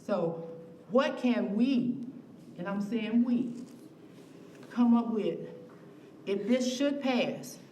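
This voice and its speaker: A woman's voice: mid-range voice, expressive, slow pace, pauses often, warm tone. A woman giving public comment at a city meeting, informal and emphatic. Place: council meeting room. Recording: echoey room, distant mic, faint noise.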